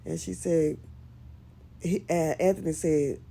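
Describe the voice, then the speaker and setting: A woman's voice: sits low, fairly even intonation, measured pace, vocal fry, warm tone, breathy edge. A woman giving casual commentary on a skit series, emphatic and scolding as she talks straight to one of the characters.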